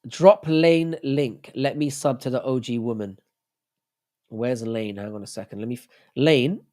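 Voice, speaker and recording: Bloke on a livestream, swears a lot, chatty and rambling. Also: male voice, mid-range voice, a little slow, a little mellow. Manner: sweary, rambling, joking with chat. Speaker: livestream host. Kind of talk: casual livestream chat.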